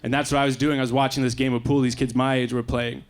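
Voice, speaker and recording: A young Canadian man performing a stand-up set in a comedy club, with quick deadpan asides. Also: mid-range voice. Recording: live club recording with faint crowd noise. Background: faint audience laughter.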